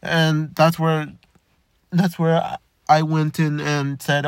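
A young man talking candidly in a halting way, with many stammered restarts. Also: fairly high pitch, fairly even intonation, a bit bright, dry recording, studio quality. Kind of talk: personal reflective monologue.

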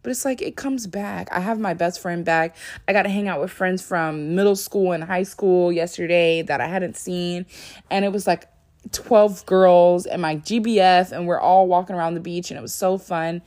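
A woman's voice: fairly low pitch, moderate pace, a little mellow. A young woman vlogging to her viewers in a casual, rambling way, full of fillers, sleepy and yawning. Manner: chatty, rambling, lots of "like" fillers. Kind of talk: casual talk to camera.

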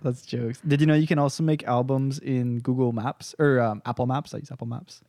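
A man's voice: medium pitch, steady tone, a little fast, mellow, dry recording. A young man co-hosting a podcast in casual chat, laid-back and swearing freely, telling stories with voiced impressions. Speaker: podcast co-host.

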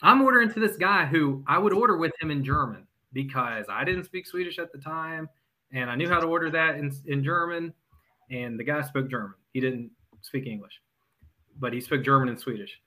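A man with a bright, forceful voice, chatting as a podcast guest. He tells his coaching stories in an animated way and laughs easily between lines. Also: a little high, a little fast, low-quality recording. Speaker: guest, former football head coach. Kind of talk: casual podcast storytelling.

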